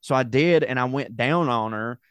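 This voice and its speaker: A man in his thirties, co-hosting a podcast and telling a crude comedic story with profane, animated delivery. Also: medium pitch, moderate pace, clear, resonant tone, no echo. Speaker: podcast co-host. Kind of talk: casual comedic chat.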